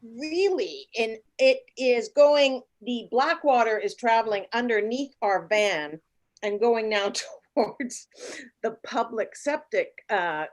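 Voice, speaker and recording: A woman in her late fifties casually telling a travel story, animated, acting out the voices of the people in it. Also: fairly high pitch, slow pace. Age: 50s. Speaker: guest.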